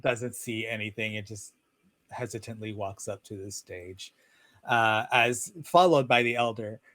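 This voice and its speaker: A man narrating as game master of a tabletop game, talking in a relaxed, rambling way with many fillers over a video call. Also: fairly low pitch, a little slow. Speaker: dungeon master.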